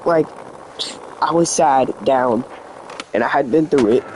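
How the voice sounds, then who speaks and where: A man's voice: medium pitch, a little slow, darkish tone, slight background noise, poor audio. A teenage boy vlogging in an earnest, rambling way, full of "like" fillers, his voice slightly sick and cracking. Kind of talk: confessional vlog talk.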